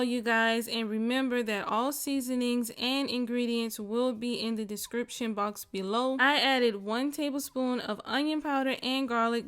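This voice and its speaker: A woman's voice: on the high side, a bit bright, clean tone. A woman hosting a cooking channel, narrating each step in a playful, chatty way and talking straight to her viewers.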